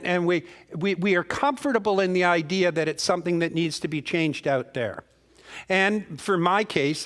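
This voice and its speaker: A man's voice: fairly high pitch, fairly bright tone. Folksy man preaching a story. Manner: folksy, rambling storyteller who repeats and restarts words; talks directly to the congregation with questions. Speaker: guest minister. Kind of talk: storytelling sermon. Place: spiritual center sanctuary.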